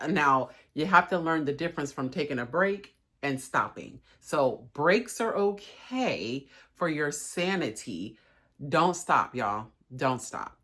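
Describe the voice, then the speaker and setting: Young woman vlogger with a low voice, chatty and encouraging. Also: very animated, slow pace, a bit bright, slightly rough. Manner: chatty, encouraging, says y'all a lot; emotional, voice cracking at times. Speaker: lifestyle vlogger. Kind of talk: casual motivational vlog talk.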